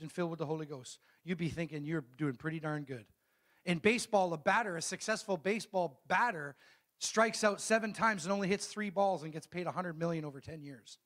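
A middle-aged man preaching a sermon as a pastor, calling out questions to the congregation and reading scripture slowly and emphatically. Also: high-pitched, fairly bright tone. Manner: call-and-response preaching, asks the congregation questions.

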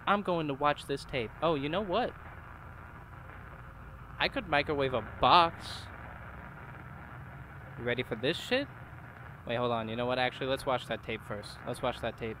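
A man's voice: mid-range voice, normal speed, pauses often, noisy background. A young man making jokey let's-play commentary on a horror game, talking back to the game. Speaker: gaming YouTuber.

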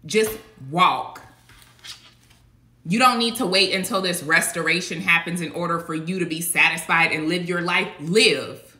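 A woman's voice: lowish voice, measured pace, pushed and bright. A woman preaching a casual devotional message, emphatic and colloquial, with rhetorical asides. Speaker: online preacher. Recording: echoey room.

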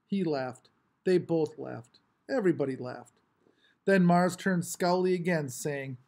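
A man reading a novel aloud with expressive, varied storytelling. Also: a little high, unhurried. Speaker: audiobook reader.

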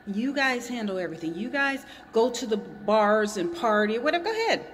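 Lady ranting from her hot garage, chewing gum, kinda high voice, repeats herself a lot, echoey. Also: sing-song, brisk, slight background noise. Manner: rambling, indignant, repeats herself; chewing gum while talking. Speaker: vlogger. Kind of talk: casual opinion vlog.

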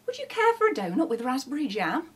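A woman voicing a cheerful, clumsy male robber dog in a children's storybook reading, with a high, eager voice. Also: wildly swooping pitch, fast talker, slightly rough, exaggerated voice.

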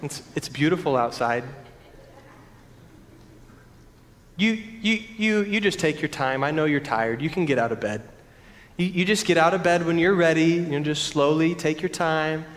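A man doing a hushed, overly gentle waker. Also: a little high, lightly acted. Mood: coaxing. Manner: soft, hushed, halting. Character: overly gentle man softly coaxing someone awake. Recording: reverberant church hall.

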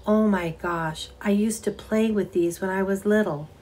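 A woman reading a story aloud and voicing a sad, timid young woman who speaks softly and hesitantly. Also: medium pitch, moderate pace, a little hiss or hum, voice pushed up, natural voice. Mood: sad wistful. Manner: soft, wistful, hesitant.

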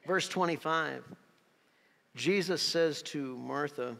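A man's voice: fairly high pitch, unhurried, vocal fry, fairly bright tone, long reverb tail. A man preaching a sermon as pastor, reading scripture with emphatic, dramatic delivery. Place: church sanctuary.

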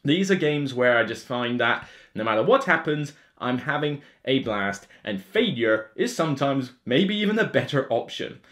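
A man's voice: medium pitch, normal speed, hardly any pauses. A man with a Somerset English accent, talking casually to camera as a board game video host, ranting with lots of fillers. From England (Somerset). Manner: animated, rant-like, with many fillers.

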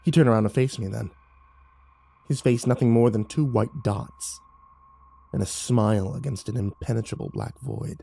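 A man's voice: medium pitch, animated, moderate pace, gravelly, warm tone, slightly rough. A man reading horror stories aloud, building tension and turning urgent in the action scenes. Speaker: horror story narrator. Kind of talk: dramatic horror story narration.

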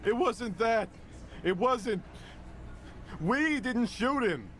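A man's voice: very high voice, lively intonation, extremely slow, fairly bright tone, slight background noise, voice pushed up, exaggerated voice. A man putting on the voice of a scared, wheezing male dockworker, pleading and whiny.

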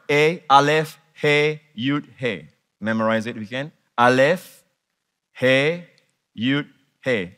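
A man preaching a sermon to a congregation, animated and emphatic, repeating words and putting questions to his listeners. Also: medium pitch. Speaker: pastor.

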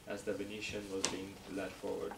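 A man with a low, gravelly voice reads a story aloud in a steady, careful way. He sounds distant in an echoey room, with a clear layer of noise behind him. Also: a little fast. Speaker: reading group member.

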